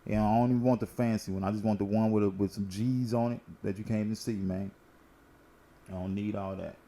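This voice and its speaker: A man's voice: fairly low pitch, steady tone, fast talker, mellow. A man hosting a casual current-events talk, telling stories in a laid-back, slangy and profane way while smoking. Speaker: host.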